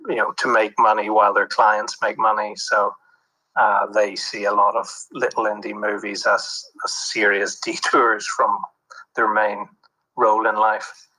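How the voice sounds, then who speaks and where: Male producer guest, low husky voice, bright edge, rambling anecdotes. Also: level tone, a little slow, low-quality recording. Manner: reflective, with many fillers and restarts. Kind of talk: anecdotal interview talk.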